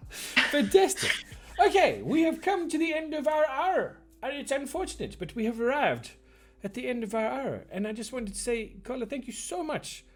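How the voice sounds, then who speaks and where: A man hosting a casual live-streamed podcast, playful and quick to laugh as he reads chat comments aloud. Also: very high-pitched, very animated, a bit bright, faint music behind. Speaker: podcast host.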